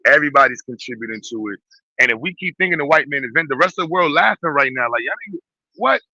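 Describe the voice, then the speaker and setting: A brash man with a New York accent rants bluntly and profanely, his tense, piercing voice sitting a touch high. He talks in quick, animated bursts. The sound is dull and dry, like a muffled mic with no room around it. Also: no echo. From Brooklyn, New York. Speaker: host. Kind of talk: casual ranting commentary.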